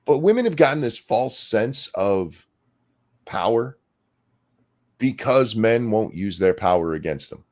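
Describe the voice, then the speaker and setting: Mocking man with a lively low voice. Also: a little slow, pauses often. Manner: mocking, sarcastic. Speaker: podcast host. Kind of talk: casual ranting commentary.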